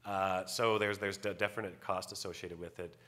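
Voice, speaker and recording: Deep-voiced man, halting and wry. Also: fairly even intonation, pushed and bright. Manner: halting, many restarts and fillers, wry. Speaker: game writer on a convention panel. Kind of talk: panel discussion, casual.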